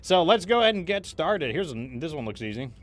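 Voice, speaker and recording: A man's voice: a little high, sing-song, brisk. Rambling male game streamer. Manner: rambling, many fillers and restarts, reads chat aloud. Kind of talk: casual live-stream chat while gaming.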